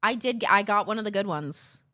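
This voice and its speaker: A woman's voice: medium pitch, fairly quick. A woman livestreamer chatting casually to her viewers, telling stories with playful impressions and swearing freely. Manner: animated storytelling with playful impressions. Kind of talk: casual chat to a live stream chat.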